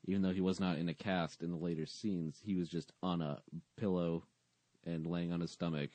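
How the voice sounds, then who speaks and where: Deep-voiced podcast guy, dark tone, snarky, recapping a tv show. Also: flat delivery, fairly quick, no echo. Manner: dry, sarcastic, mocking. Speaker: podcast co-host. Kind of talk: casual chat recapping a sitcom episode.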